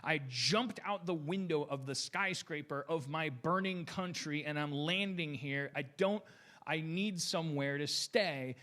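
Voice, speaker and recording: A man's voice: fairly high pitch, a little slow, fairly bright tone. A man in his forties hosting a podcast, rambling and stammering through a heated, profane rant. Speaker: podcast host.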